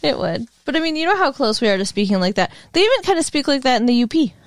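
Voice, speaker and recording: A woman from Minnesota co-hosting a podcast, chatting casually with quick, wry remarks. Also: high-pitched, sing-song, no echo. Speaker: podcast co-host. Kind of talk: casual chat.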